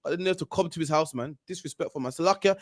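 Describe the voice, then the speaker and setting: A man hosting a talk show, ranting in a heated, animated way and tagging sentences with "man". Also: on the high side, racing, dry recording, studio quality. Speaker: podcast host. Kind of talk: ranting casual commentary.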